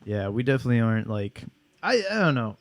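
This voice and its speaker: A man's voice: medium pitch, sing-song, fast, no echo. Laid back young us guy co-hosting a podcast, restarts a lot, dry close mic. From United States. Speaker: podcast co-host. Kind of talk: casual chat.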